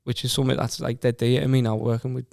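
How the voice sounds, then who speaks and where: A man's voice: mid-range voice, monotone, fast talker, vocal fry, a little mellow, dry recording, studio quality. A man in his twenties with a Teesside accent, a podcast guest telling his story casually and earnestly, often repeating words as he goes. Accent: Teesside English. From Stockton-on-Tees, England. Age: 20s.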